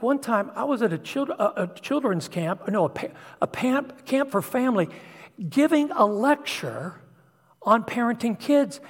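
A middle-aged male pastor shares a raw, confessional story from the pulpit, his voice slightly husky and a touch higher than most men's. He sinks to near-whispers and then swells louder as emotion takes him. The sound rings with a long reverb from a large church hall. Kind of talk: personal testimony sermon.

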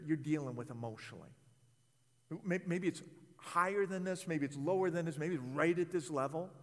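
A man preaching a sermon, animated and stammering as he voices the hurt of a betrayed spouse. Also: sits high. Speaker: pastor. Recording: long hall reverb.

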